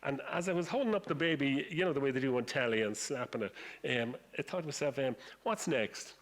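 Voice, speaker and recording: A man's voice: mid-range voice, a little fast. An Irish man in his sixties giving a humorous talk to an audience, telling stories with self-deprecating wit. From Ireland. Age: 60s. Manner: anecdotal, self-deprecating storytelling. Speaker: guest speaker. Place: lecture room with audience. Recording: distant reverberant hall, faint noise.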